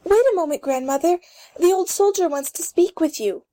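A woman's voice: very high voice, moderate pace, mellow. A woman playing a vain, flustered young girl who stammers and hesitates. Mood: girlish. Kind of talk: amateur play reading.

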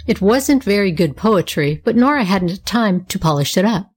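Lady narrating a kids' storybook, gentle and even. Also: medium pitch, moderate pace, husky.

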